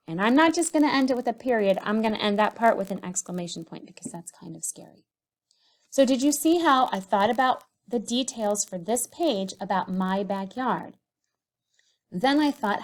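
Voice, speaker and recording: A woman teacher giving a recorded writing lesson to young children, speaking slowly and sounding out syllables and letters. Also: mid-range voice. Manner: slow, sing-song, sounds out syllables and letters.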